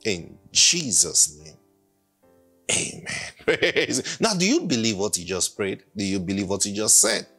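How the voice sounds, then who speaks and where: Animated preacher man. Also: fairly low pitch, brisk, hardly any pauses. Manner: animated, emphatic preaching with call-and-response. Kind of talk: sermon. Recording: faint music behind.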